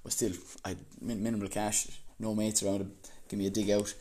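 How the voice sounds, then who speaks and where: A young Irish man telling a story casually, animated and laughing as he goes. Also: fairly low pitch, brisk. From Ireland.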